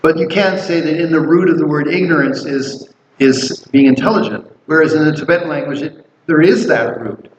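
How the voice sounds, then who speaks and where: A man's voice: fairly high pitch, moderate pace. Rambling male Buddhist teacher in echoey room. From Canada. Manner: rambling, storytelling, many restarts and fillers. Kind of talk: casual dharma class teaching. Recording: roomy, dull, faint noise.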